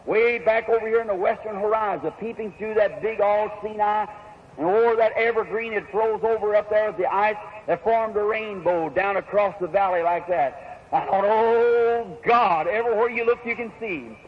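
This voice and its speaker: Man preaching, high-pitched voice, folksy rural speech, storytelling sermon, dull lo-fi recording, faint hiss. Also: normal speed. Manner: folksy, plain-spoken with rural grammar.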